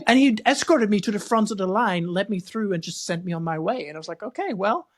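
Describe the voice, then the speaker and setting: Lively storytelling male podcast host. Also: high voice, fast. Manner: lively storyteller, acts out quoted lines. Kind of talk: casual conversational interview.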